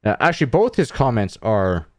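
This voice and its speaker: This man speaks with a lowish voice, relaxed and chatty, as he runs the show and reads out comments. The sound is dry and close, with no room around it. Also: moderate pace, dry recording. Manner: steers the talk, reads out listener comments. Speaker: podcast host. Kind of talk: casual chat.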